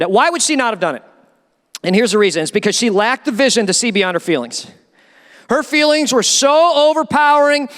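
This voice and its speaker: A man who is a pastor, preaching a sermon in a church and acting out quoted voices with animated energy. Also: very high voice, big-room sound. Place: church sanctuary.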